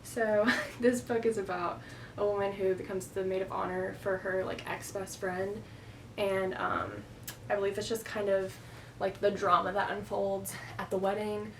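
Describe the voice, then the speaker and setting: A woman's voice: medium pitch, steady tone, normal speed, a little hiss or hum, low-quality recording. A young woman in a casual book haul vlog, chatting at home into a camera on a stand and filling her talk with "like". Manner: chatty, rambling, heavy use of "like". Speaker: book vlogger. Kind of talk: casual chat.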